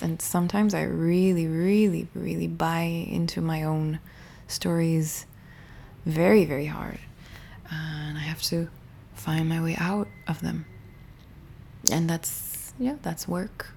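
A young woman speaking to viewers in a gentle, intimate way, often dropping into a whisper and circling back over her words. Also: fairly low pitch, gravelly, slight background noise. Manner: gentle, intimate, rambling with many restarts. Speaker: spiritual healing teacher. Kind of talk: soft, partly whispered reflective talk to viewers.

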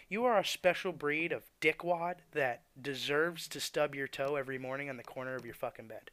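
A man's voice: fairly high pitch, normal speed, sharp tone, smooth, no echo. A man who works at a tire shop, ranting bluntly and cursing about rude customers. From Florida. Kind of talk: profane venting rant.

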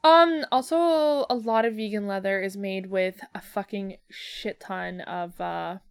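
A woman's voice: mid-range voice, measured pace, smooth, dry recording. A woman in casual comedic chat, wry and profane, often laughing.

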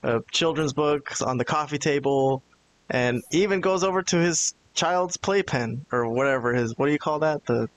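A man's voice: on the high side, normal speed. Casual male podcast host, faint hiss. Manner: storytelling, hesitant fillers, steers the talk.

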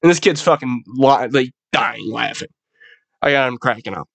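A man's voice: medium pitch, moderate pace, vocal fry, a bit bright, no room sound. A young man hosting a podcast, telling a rambling, profanity-laced story in a loose, casual monologue. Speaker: podcast host.

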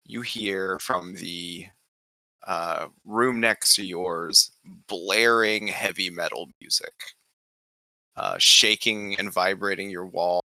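A man's voice: low-pitched, steady tone, slow, pushed and bright, dry recording. A man narrating a tabletop game as game master, hesitant with many fillers and frequent laughter.

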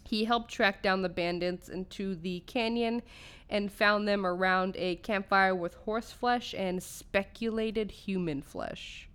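A woman's voice: mid-range voice, steady tone, slow pace, fairly bright tone, smooth. A young woman from California co-hosting a podcast, casually telling a ghost story, swearing freely and tripping over names. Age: young adult. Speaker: podcast co-host.

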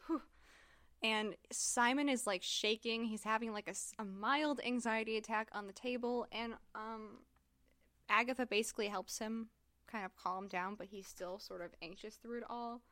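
A woman podcast co-host with a somewhat high, steady, slightly bright voice recaps a book at normal speed in loose, chatty talk, leaning heavily on "like" and "um." There's no echo.

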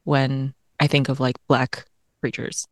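A woman from Tennessee with a very low voice chats casually about a poem, with plenty of fillers and quick laughs. Her voice sounds close and dry. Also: little pitch movement, dry recording. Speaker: podcast co-host. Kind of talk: casual chat about poetry.

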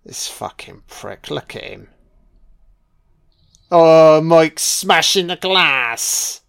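A man's voice: fairly high pitch, expressive, extremely slow, creaky, a bit bright, smooth. Sarcastic, sweary man. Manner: sarcastic and sweary, mocking the film as it plays. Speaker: film commentator. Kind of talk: profane audio film commentary.

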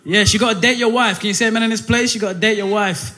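A young man preaching a lively, joking church sermon, often asking for amens, with many fillers. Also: sits high, fast. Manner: energetic, jokey, calls for amens, many fillers. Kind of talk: church sermon with call and response.

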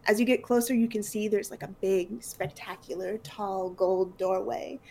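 A woman's voice: mid-range voice, fairly even intonation, normal speed, creaky, darkish tone, a little hiss or hum. A woman narrating as game master in a loose, casual way with many fillers.

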